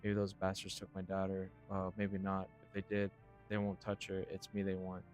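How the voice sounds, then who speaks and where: A desperate, paranoid father, voiced by a man, halting and stammering as he talks. His voice sits low and quiet, with faint game music behind him. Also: monotone, natural voice. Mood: anxious.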